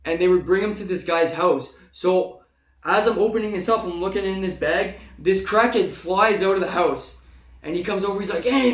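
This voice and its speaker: A young man with a notably high voice tells a story in a loose, animated way, cursing freely and slipping into shouted impressions of people. The sound is echoey, as if recorded in a bare room. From Canada. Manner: animated, swearing, acts out shouted quotes. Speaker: vlogger. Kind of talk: casual anecdote storytelling.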